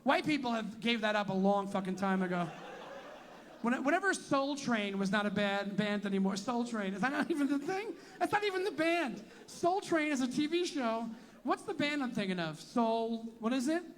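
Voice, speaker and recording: Brash, high-voiced stand-up comedian. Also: male voice, lively intonation, normal speed. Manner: brash, profane, teasing the crowd. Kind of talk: stand-up crowd work. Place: tent venue with a live audience.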